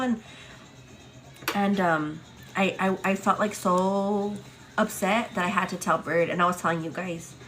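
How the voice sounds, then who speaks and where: A woman's voice: a little slow, pauses often, faint music behind. Chatty young woman telling a story. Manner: chatty, many fillers, acts out quotes with high excited pitch. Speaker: livestream host. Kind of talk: casual chat, storytelling to viewers.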